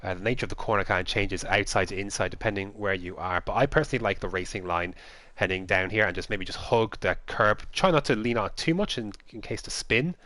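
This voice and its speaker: A man commentates on an esports race in a low voice. He talks in lively play-by-play with the odd chuckle. The sound is dry and close to the mic. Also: a little fast, no echo. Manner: lively play-by-play with light laughs.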